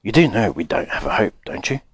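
A man voicing an excitable old grandfather who whispers secretively and splutters with excitement. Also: on the low side, a little fast, slightly rough, no room sound. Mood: conspiratorial.

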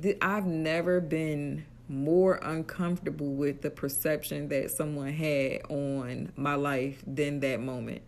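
A woman from Atlantic City co-hosting a podcast in casual chat, telling stories in quick, animated bursts. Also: low voice. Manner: animated storyteller, quick bursts and frequent laughter. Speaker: podcast co-host.

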